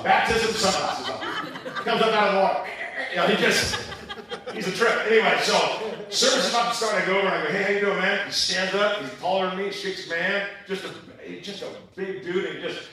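A male pastor preaching a sermon, telling stories in an animated, humorous way, recorded in a church auditorium. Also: high voice, a little fast, crowd noise. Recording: echoey church hall from far off.

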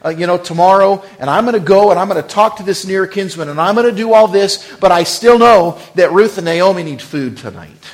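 A man's voice: high voice, animated, fairly quick, few pauses, pitched above the performer's own voice. A man voicing an earnest biblical man who urgently plans to provide for his kin. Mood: determined.

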